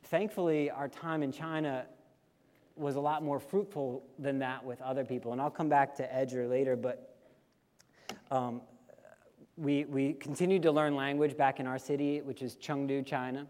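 A male missionary sharing a lively personal story with a congregation and getting listeners to repeat phrases after him. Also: mid-range voice, moderate pace. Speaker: missionary speaker. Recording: long hall reverb.

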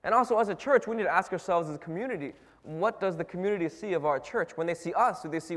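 A man's voice: high voice, quick pace, hardly any pauses, fairly bright tone. A man giving a sermon in a loose, conversational way, asking his listeners question after question, with many fillers and restarts. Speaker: preacher. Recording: long hall reverb.

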